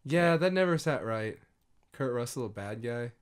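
A man's voice: mid-range voice, expressive, moderate pace, clean tone. A man co-hosting a casual movie podcast, making wry, laid-back remarks with some swearing. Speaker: podcast co-host. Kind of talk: casual movie-riffing chat.

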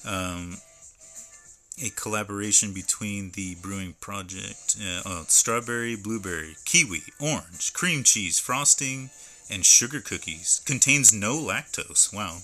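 A man's voice: on the low side, expressive, measured pace, bright, forceful tone, soft background music. A man streaming live from home, chatting casually and reading labels aloud as he unboxes. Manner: rambling, stops to read can labels aloud.

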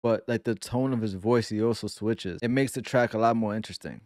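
A man from New York hosting a casual music reaction video, excitable and careful to explain his points. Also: lowish voice, brisk, no echo, clean studio sound.

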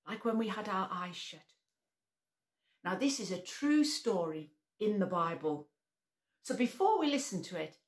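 Lively woman telling a children's story. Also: medium pitch. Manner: animated, leads children in call-and-response. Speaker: preschool worship leader. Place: church.

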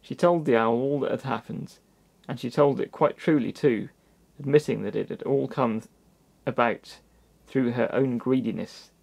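A man reading a children's storybook aloud in a gentle manner, with little asides to the listener. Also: mid-range voice, moderate pace, creaky, slightly rough. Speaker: storybook reader.

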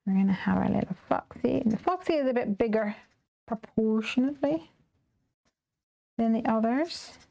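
A woman with a soft Northern Irish accent chatting casually while she makes cards on a live stream and answers viewer comments. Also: on the high side, expressive, moderate pace, gravelly, pauses often, highs cut off. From Northern Ireland. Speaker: live stream craft host. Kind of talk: casual chat while demonstrating card making.

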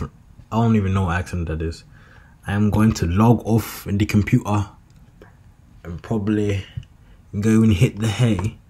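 Young man, husky, low-pitched, rambling late-night vlog, slangy, wandering. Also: mellow. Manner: loose, meandering, slangy, half-freestyling rhymes. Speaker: vlogger.

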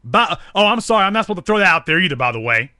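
Fiery high-voiced male host. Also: sing-song, very fast, sharp tone, no room sound, clean studio sound. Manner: angry, preaching, repetitive. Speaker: talk show host. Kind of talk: fiery political commentary.

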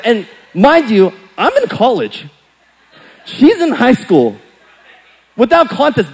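A young man preaching a sermon as pastor, telling a playful story and acting out quotes with big jumps in pitch and loudness. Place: church sanctuary. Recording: church hall with long reverb.

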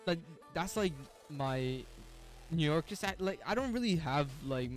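His voice leans high and expressive, and he takes his time, with faint music in the background. This young man streaming a game live keeps up slangy, casual chat with viewers, laughing a lot and often starting over.

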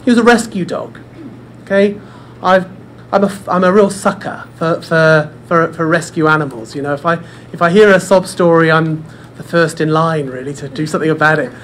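Brief: forum presenter, conversational storyteller, middle pitch, faint room noise. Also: normal speed, fairly bright tone. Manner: chatty, repeats words, addresses audience directly. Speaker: speaker at a dementia care forum. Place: indoor room with audience.

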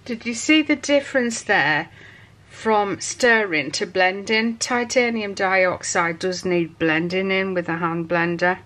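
A woman's voice: medium pitch, a little slow, fairly bright tone. A woman from England hosting a soap-making tutorial, chatting in rambling asides while she works. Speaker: soap-making channel host. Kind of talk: casual demonstration tutorial.

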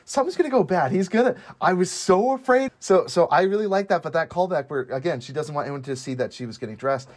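A man co-hosting a casual movie review chat, lively and quoting characters in playful voices. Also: fairly high pitch, fast, few pauses. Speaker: podcast co-host.

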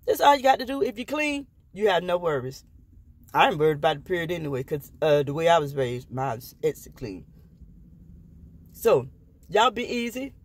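A woman's voice: low-pitched, very animated, moderate pace, long pauses, slightly rough. A woman vlogger delivering an impassioned, profane rant straight to the camera, blunt and defiant, slipping into jokes between her complaints. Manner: defiant and joking by turns.

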